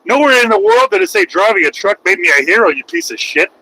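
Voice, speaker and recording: Loud, bright-voiced mocking trucker. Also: male voice, extremely high pitch, wildly swooping pitch, quick pace, vocal fry, slightly rough, low-quality recording. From United States. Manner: loud, profane and mocking, swings into shouting. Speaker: truck driver and livestreamer. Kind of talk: livestream rant.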